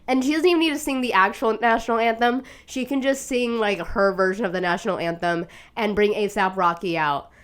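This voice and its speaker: A young woman hosting a casual solo talk show, swearing freely and getting emotional, laughing through tears and turning loud and shrill as she gets carried away. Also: a little fast, few pauses, clear, resonant tone. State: sick, tearful. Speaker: podcast host. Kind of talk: casual monologue.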